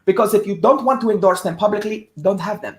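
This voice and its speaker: A woman's voice: medium pitch, fast, roomy sound. A woman co-hosting a casual sports talk show, speaking emphatically and repeating words to stress her points. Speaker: podcast co-host.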